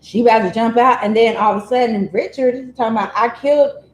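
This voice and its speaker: A woman vlogger telling a true-crime story in a chatty, digressive way, full of animated asides. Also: on the high side, quick pace, reverberant, slight background noise, rough recording.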